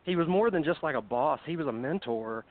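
Here the Middle Tennessee podcast guest's voice sits a little high, brisk and expressive, as he tells wrestling stories casually over a call. He's slightly out of breath and leans on many fillers, and the recording is dry and phone-like.

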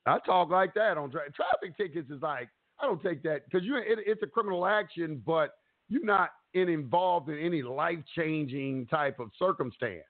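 A man hosting a casual instructional chat, animated and repetitive, acting out what he says in court. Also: on the high side, normal speed, dry recording. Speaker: host giving advice. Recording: dry tinny phone-like audio.

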